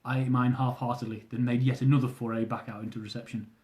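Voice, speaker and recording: Mellow man reading his own memoir. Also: mid-range voice, flat delivery, fast talker. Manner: dry, self-mocking humour. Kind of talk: reading aloud from a travel memoir.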